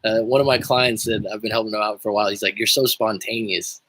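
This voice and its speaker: A man's voice: on the low side, fairly even intonation, rapid-fire, fairly bright tone, dry recording, poor audio. A man coaching on a livestream in a casual, joking and profane way, rambling with frequent restarts while reading viewer comments. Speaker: life coach.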